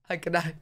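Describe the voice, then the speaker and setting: A man's voice: a bit bright, slight background noise. A man from Britain hosting a reaction video, chatting casually with slang and frequent laughter.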